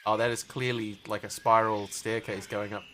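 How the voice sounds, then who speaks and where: A man with a bright, forceful voice talks casually through a game stream, rambling from one joke to the next and answering his chat as he goes. A faint hiss of noise sits under his voice. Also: fairly low pitch, little pitch movement, normal speed. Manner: rambling, jokey, chatty with viewers. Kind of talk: casual live-stream chat while playing.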